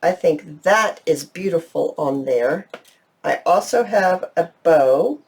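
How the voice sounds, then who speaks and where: A middle-aged woman hosts a casual crafting tutorial, her fairly low, darkish voice animated but slow. She gushes enthusiastically, speaking directly to her viewers as "you guys."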